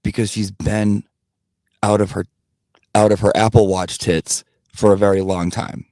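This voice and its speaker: Male commentary host, low-ish, dry sound, blunt and profane, speaks directly to his followers. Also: flat delivery, unhurried, darkish tone, dry recording. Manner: blunt, profane, repetitive emphasis; talks directly to his audience. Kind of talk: casual ranting commentary.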